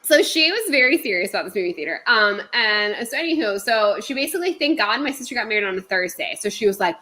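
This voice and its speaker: A woman's voice: medium pitch, expressive, fast, sharp tone, rough recording. A woman in her thirties telling a work story in casual, profane, ranting chat as a podcast co-host.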